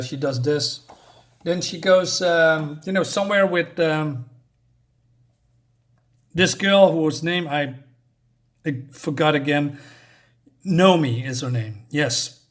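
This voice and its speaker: A man's voice: a little high, a bit bright. A man casually recapping a comic book's plot, rambling and hesitant, often losing his thread. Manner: rambling, many fillers and restarts. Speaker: comic reviewer.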